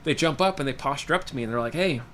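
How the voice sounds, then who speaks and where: A man's voice: mid-range voice, very fast, fairly bright tone, slight background noise. Young male streamer, casual rambling storyteller, mid-range voice. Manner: rambling, laughs often, many fillers and restarts. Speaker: livestream host. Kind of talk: casual chat while reading viewer comments.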